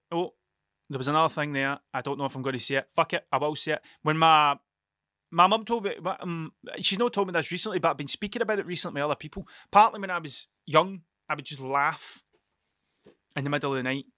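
A man's voice: a little high, fast, pushed and bright, dry recording, studio quality. A young man hosting a solo podcast, telling stories in a rambling, sweary, self-interrupting way. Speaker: podcast host. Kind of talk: casual solo podcast storytelling.

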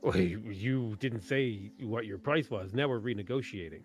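A man's voice: fairly low pitch, normal speed. A man playing a tabletop game, indignant and demanding. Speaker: player. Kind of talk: tabletop role-play.

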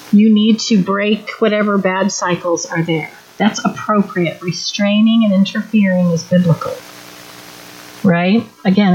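Middle-aged woman, earnest teacherly speaker at a church parenting workshop, mid-pitched, on a dull lo-fi recording. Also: a little mellow.

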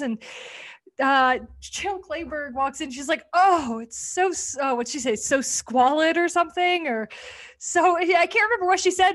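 A young woman with a high voice chats casually on a podcast. She recaps a sketch in an animated, swearing way and acts out the lines. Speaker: podcast co-host.

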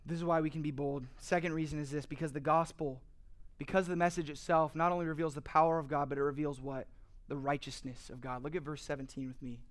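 Man, pastor, earnest sermon, rhetorical questions, slightly raised pitch. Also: steady tone, a little fast. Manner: builds in energy, emphatic.

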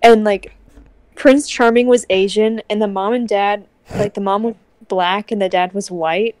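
A woman's voice: medium pitch, fairly even intonation, unhurried, a little mellow, dry recording. A young woman co-hosting a podcast in casual chat, chatty and storytelling. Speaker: podcast co-host.

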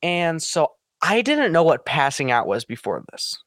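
A man telling a story in casual chat with friends, animated and acting out quoted lines. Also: unhurried, no room sound, clean studio sound. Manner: animated, acts out quotes with big pitch jumps. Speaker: podcast co-host.

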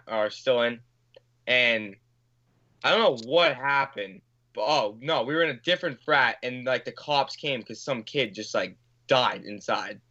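A man's voice: medium pitch, bright, forceful tone, muffled recording. Male guest, casual storyteller; loose, filler-heavy, profane delivery. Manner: rambling, filler-heavy, swears, acts out quotes. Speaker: podcast guest.

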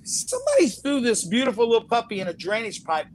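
A man giving an animated interview, telling stories, laughing often and acting out what people said. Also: very high-pitched, quick pace. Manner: animated storyteller, laughs often, acts out quotes. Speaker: interview guest, actor. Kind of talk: casual storytelling interview.

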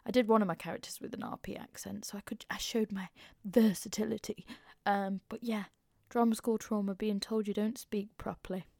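A woman's voice: medium pitch, fairly even intonation, fairly quick, gravelly, darkish tone, no echo, clean studio sound. A woman in her twenties with an East Midlands Mansfield accent, hosting a podcast in a candid, chatty way and swearing freely. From English Midlands (Mansfield). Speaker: podcast host. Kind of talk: casual chat.

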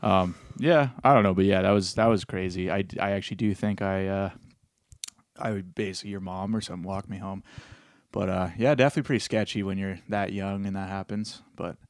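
A man's voice: low-pitched, fairly even intonation, fairly quick, clear, resonant tone, dry recording, studio quality. A young man in casual podcast chat, talking in a rambling, hesitant way with many restarts. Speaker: podcast co-host.

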